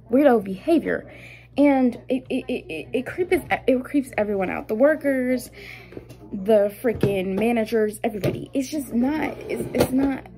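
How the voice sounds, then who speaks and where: A young adult woman vlogger telling a story in a casual, animated and indignant way while doing her makeup at home, with lots of fillers. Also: sits high, rough recording.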